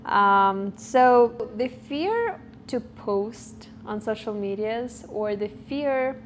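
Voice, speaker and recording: Speaking extremely slowly, a twenty-something woman reflects to the camera in a vlog, her fairly high voice rising and falling with lively intonation. She's thoughtful and often hunts for her words, and the camera audio picks up slight background noise.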